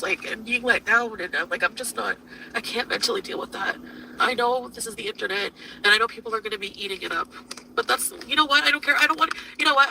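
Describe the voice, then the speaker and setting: A woman's voice: a little high, pushed and bright. A woman venting angrily on a livestream, swearing heavily as she rants at length. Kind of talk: emotional livestream rant. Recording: distant mic with faint noise.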